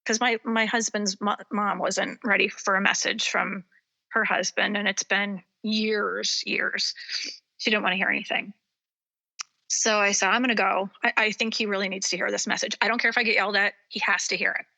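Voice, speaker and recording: A woman psychic medium, a guest on an interview show, retelling a personal story in a halting way, with many ums and restarts. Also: medium pitch, flat delivery, creaky, bright, forceful tone.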